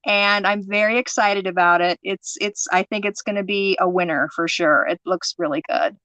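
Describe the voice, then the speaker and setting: Woman, enthusiastic actor guest, bright and higher voice, dry close sound. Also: fairly even intonation, normal speed, dry recording, low-quality recording. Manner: enthusiastic, laughs often. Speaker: guest actor in fan films. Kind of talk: casual chat.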